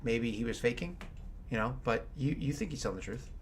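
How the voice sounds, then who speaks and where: A man's voice: mid-range voice, lively intonation, fairly quick, slight background noise. A man running a tabletop game as game master, narrating in an easygoing, meandering way.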